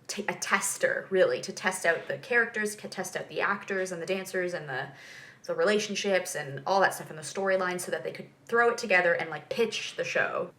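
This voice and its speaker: A woman's voice: lowish voice, fairly quick, fairly bright tone. A young woman hosting a vlog, chatting casually and laughing often as she reacts to a TV episode. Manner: chatty and giggly, lots of fillers and asides.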